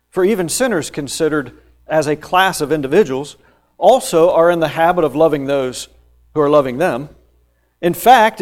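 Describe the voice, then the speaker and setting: A male preacher with a slightly higher voice, delivering a sermon that walks through scripture verse by verse. He presses key phrases with rising force, then drops back to quieter explanation. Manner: emphatic, rising to loud stressed phrases then dropping low.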